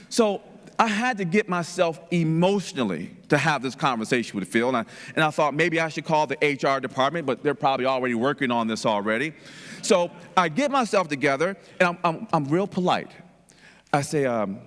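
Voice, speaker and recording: A man's voice: fairly high pitch, sing-song, fairly quick. A man telling stories as a conference speaker, conversational and repetitive, in a conference hall. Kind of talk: storytelling keynote. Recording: long reverb of a conference hall.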